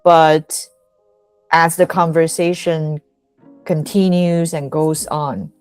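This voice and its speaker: Female guest teacher, low voice, slow and halting, casual. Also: fairly even intonation, darkish tone, clear, resonant tone, no room sound, faint music behind. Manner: hesitant, searches for words. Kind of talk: casual chat.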